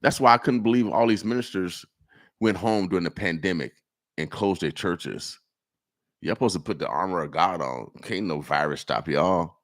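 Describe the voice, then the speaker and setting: A man from Nebraska hosting a morning radio show, talking in an animated way that repeats itself and exhorts like a preacher. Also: low-pitched. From Nebraska, USA. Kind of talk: casual radio talk. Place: radio studio.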